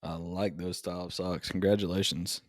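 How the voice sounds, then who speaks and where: Low-voiced man with dry remarks. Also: level tone, moderate pace, no echo. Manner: dry, mock-serious remarks. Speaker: podcast co-host. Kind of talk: casual banter. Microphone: remote call mic.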